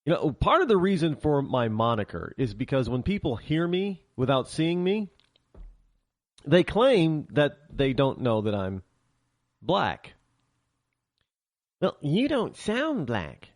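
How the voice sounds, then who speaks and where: A man's voice: mid-range voice, very animated, measured pace, no echo, studio quality. A man hosting a talk show, delivering an opinionated, sarcastic monologue with lots of restarts and asides. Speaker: radio talk show host. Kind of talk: conservative talk radio monologue.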